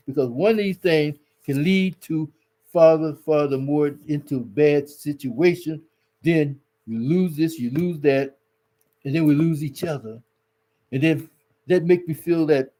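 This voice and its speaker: A man's voice: fairly high pitch, dark tone. A man giving preachy religious advice on relationships, folksy and exhorting, repeating words for emphasis.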